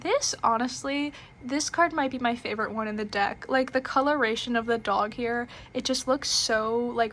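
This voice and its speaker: A woman's voice: fairly high pitch, sharp tone, a little hiss or hum. A young woman casually reviewing a tarot deck, chatty and giggly, with lots of fillers and restarts.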